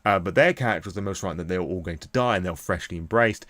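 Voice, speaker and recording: A young British man with a fairly low voice, excitedly recapping a tabletop game he ran as game master. He rambles, peppering his talk with fillers. The sound is dry and close, with no room echo. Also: racing. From Britain. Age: young adult. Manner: rambling, filler-heavy, enthusiastic. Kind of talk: casual recap of a tabletop session.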